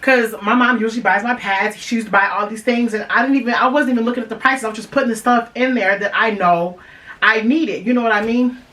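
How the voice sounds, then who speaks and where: A woman's voice: a little high, steady tone, fast talker, fairly bright tone, recorded from a distance. Chatty woman podcaster, a bit off-mic. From Michigan. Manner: chatty, talks straight to listeners, many fillers and restarts. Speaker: podcast host. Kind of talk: casual personal storytelling.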